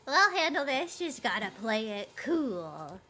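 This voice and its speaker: A woman plays an earnest young boy, wary and questioning, speaking slowly in a high, bright voice. His pitch jumps widely as he reacts, voiced while reading a game aloud. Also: big pitch swings, slight background noise, heavily acted. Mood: soothing.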